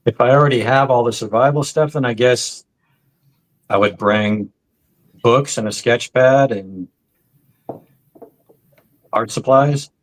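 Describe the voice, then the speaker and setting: A man's voice: medium pitch, takes it slowly, long pauses. A man co-hosting a podcast, speaking in a laid-back, hesitant way in casual chat. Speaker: podcast co-host.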